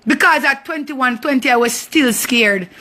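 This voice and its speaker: Forceful young Jamaican woman, bright and high. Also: normal speed. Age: young adult. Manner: confrontational, emphatic, repeats phrases for force. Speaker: vlogger. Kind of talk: impassioned personal monologue.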